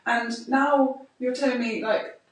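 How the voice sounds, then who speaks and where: A woman's voice: on the high side, slow pace. Woman ranting in an echoey room. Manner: expressive, ranting storyteller. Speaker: podcast co-host, mother. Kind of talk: casual chat. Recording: echoey room, mic far off.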